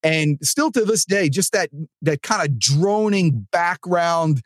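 A man's voice: on the high side, slow, dry recording. A man from New Jersey hosting a sales podcast in a casual, rambling motivational monologue full of restarts. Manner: animated and rambling, with many restarts. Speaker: podcast host and sales trainer.

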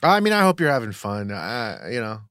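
A man co-hosting a recap podcast, laid-back and deadpan in casual banter. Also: mid-range voice, normal speed, clear, resonant tone, no room sound, clean studio sound. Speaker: podcast co-host.

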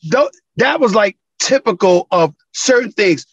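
This sports TV commentator has a slightly rough, somewhat bright voice with lively intonation, speaking unhurriedly but with few pauses. Telling stories in an interview, he's emphatic and acts out quoted calls with big pitch changes, captured in a dry, low-quality recording.

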